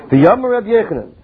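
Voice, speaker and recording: High-voiced man teaching Talmud, tinny sound. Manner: reads Aramaic text slowly, then explains in English. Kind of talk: Talmud study lecture. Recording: tinny phone-like lo-fi recording.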